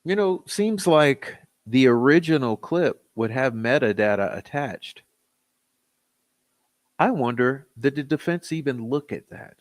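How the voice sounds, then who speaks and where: Slow, skeptical male true-crime commentator. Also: medium pitch, expressive. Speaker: channel host.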